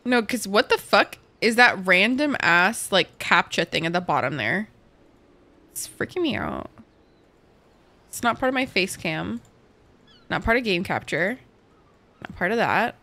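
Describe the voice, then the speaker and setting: A woman streaming a game, chatting casually and profanely with her viewers and reacting quickly to chat. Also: mid-range voice, big pitch swings, bright, forceful tone. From Canada. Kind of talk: casual live-stream chat while gaming.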